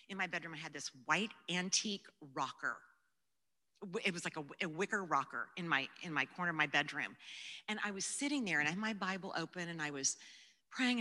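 A woman giving a personal testimony and Bible teaching, talking earnestly and conversationally and sometimes dropping to a hush. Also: on the low side. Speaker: Christian speaker teaching the Bible. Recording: long hall reverb.

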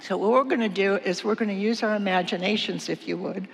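A woman's voice: medium pitch, brisk, creaky. Older woman speaking in echoing hall. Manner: lively, dramatizes scenes with exasperated asides. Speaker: church speaker. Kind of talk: teaching talk with acted-out skit. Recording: long reverb of a large hall.

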